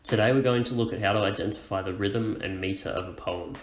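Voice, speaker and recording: Male educator, low voice, slow clear explainer, echoey room. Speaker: teacher.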